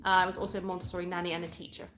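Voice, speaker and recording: Speaking rapid-fire in a lowish, flat but fairly bright voice, an English woman in her thirties hosts a casual home live stream indoors. She answers viewer comments in a British English accent.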